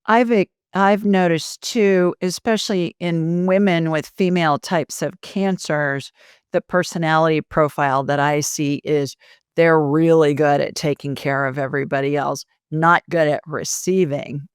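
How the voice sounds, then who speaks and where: A woman with a very low, smooth voice hosting an interview. She restates her guest's ideas and checks that she has understood them. The sound is close and dry. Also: steady tone, measured pace, dry recording. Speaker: host. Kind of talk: interview podcast.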